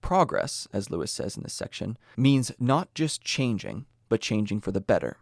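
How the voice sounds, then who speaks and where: A man's voice: on the low side, big pitch swings, normal speed, vocal fry, no room sound, clean studio sound. A young American man hosting a podcast, explaining ideas earnestly with small personal asides. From United States. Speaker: podcast host. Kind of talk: scripted explanatory talk.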